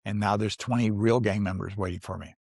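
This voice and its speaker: A man's voice: fairly low pitch, fairly even intonation, brisk, gravelly, darkish tone, no echo, studio quality. A man in his sixties, an actor as a guest, telling stories in a casual interview, rambling, restarting often and laughing as he goes. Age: 60s.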